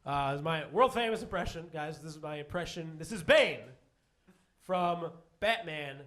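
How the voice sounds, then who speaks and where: A man doing a stand-up comedy set, self-deprecating and halting, with many fillers and restarts. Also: a little high, expressive, fairly bright tone. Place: comedy stage before a live audience.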